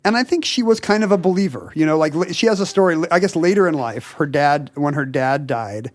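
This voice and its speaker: A man with a slightly high voice tells a story in casual conversation, stumbling through fillers and quick restarts as he goes. His voice is recorded close and dry, with no room sound. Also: dry recording. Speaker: podcast co-host. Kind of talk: casual chat, telling a story.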